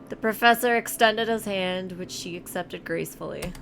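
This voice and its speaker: A woman's voice: mid-range voice, normal speed, gravelly, few pauses, fairly bright tone, soft background music. A woman reading a visual novel aloud on a stream, with casual, self-mocking asides. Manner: casual, laughs at herself, asides. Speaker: narrator reading a game aloud.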